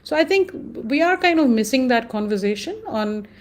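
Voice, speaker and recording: A woman with an Indian English accent, speaking as a guest in an interview, thoughtful and animated, often pausing with fillers. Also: sits high. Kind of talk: conversational interview.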